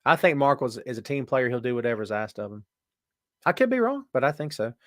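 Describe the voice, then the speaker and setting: A man hosting a casual live stream, talking loosely and joking as he reads viewers' comments aloud. His voice sits at an average pitch, and the sound is dry and close with no room echo. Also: animated, fairly quick, a bit bright. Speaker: podcast host.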